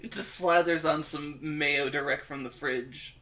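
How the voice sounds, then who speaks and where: A podcast co-host riffing quick jokes and shocked reactions. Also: mid-range voice, fairly even intonation, bright, forceful tone. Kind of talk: casual comedic podcast chat.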